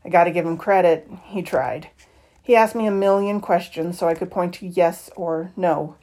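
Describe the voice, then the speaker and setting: A woman reading a novel aloud in the first person, with expressive, lively shifts in tone. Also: fairly low pitch, normal speed. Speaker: audiobook reader.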